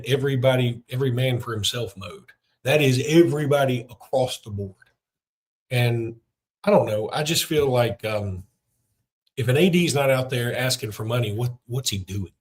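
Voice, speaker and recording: A middle-aged man, hosting a sports podcast in a chatty, rambling way with lots of fillers. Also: medium pitch. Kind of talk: casual podcast talk with a read ad.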